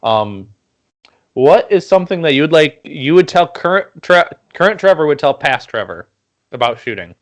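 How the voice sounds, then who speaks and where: A man's voice: very animated, moderate pace. A man hosting a casual podcast, mostly murmuring short agreements and chiming in with jokes. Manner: brief murmured agreements, low-key. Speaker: podcast host.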